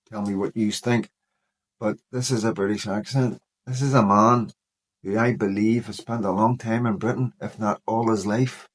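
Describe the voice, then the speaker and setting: A man's voice: on the low side, a little mellow. Earnest, worried man in his fifties. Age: 50s. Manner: earnest, worried, peppered with "you know". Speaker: vlogger. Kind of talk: personal commentary vlog.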